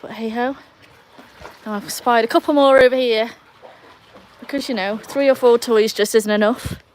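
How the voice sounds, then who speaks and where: North Yorkshire woman, livestream host, dry self-mocking chatter, slightly high voice, faint room hum. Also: fairly even intonation, normal speed. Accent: North Yorkshire English. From North Yorkshire, England. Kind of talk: casual live-stream chat.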